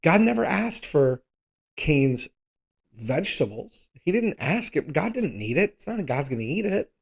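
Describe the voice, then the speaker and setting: A man's voice: on the high side, very animated, moderate pace, creaky, breathy edge. A man teaching a live Bible study, conversational and thinking aloud, often checking in with rhetorical questions.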